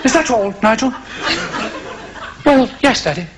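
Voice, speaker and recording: A man's voice: very high-pitched, animated, measured pace, a crowd in the background. A man with a Scottish accent putting on a prim, plummy English religious broadcaster who talks in a patronising way.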